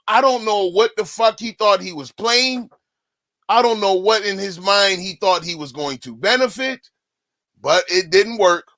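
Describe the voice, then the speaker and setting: A man's voice: sits high, bright, forceful tone, dry recording. A man giving profane, rambling live-stream commentary, often breaking off to say "listen". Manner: profane, repetitive, keeps saying "listen".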